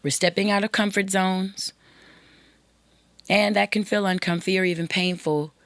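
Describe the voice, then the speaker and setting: A woman's voice: medium pitch, fairly even intonation, moderate pace, dry recording, studio quality. A young woman hosting a podcast monologue, speaking earnestly and directly, sometimes dropping to a whisper for emphasis. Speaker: podcast host.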